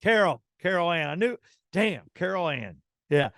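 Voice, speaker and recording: A middle-aged man, hosting a radio show and telling an anecdote in a casual, animated way, acting out the dialogue. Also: sits high, moderate pace, no echo, studio quality. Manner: animated anecdote teller, acts out quoted dialogue. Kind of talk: casual storytelling.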